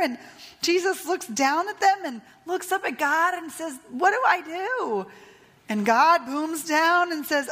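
High-voiced woman pastor telling a story. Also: a bit bright, long reverb tail. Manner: storytelling, retelling a tale with voiced lines. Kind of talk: sermon.

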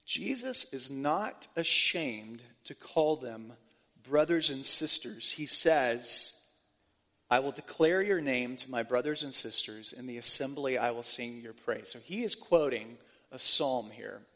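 A man's voice: medium pitch, lively intonation, a little slow, fairly bright tone. A male pastor preaching a sermon to his congregation, asking them questions and building to fervent emphasis, often restarting his words. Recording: long hall reverb.

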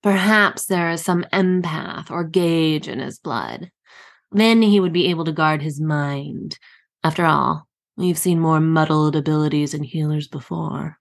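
A woman voicing a groveling male royal spy master who speaks slowly in a simpering, ingratiating way. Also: deep voice, creaky.

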